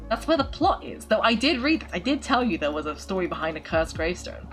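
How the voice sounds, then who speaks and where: A woman's voice: medium pitch, very animated, a little slow, a bit bright, soft background music, low-quality recording. A woman hosting a game playthrough, chatting, giggling and poking fun at herself as she reads game text aloud. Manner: giggly, chatty and self-mocking. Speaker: gaming channel host. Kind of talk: let's-play commentary, reading game text aloud.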